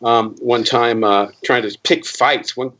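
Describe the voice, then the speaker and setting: A man's voice: mid-range voice, measured pace. A man in his fifties, an interview guest, telling stories in a rambling way with many restarts, and acting out the people he quotes. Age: 50s. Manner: animated, acting out quoted voices. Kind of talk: casual storytelling interview. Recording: dull lo-fi interview recording.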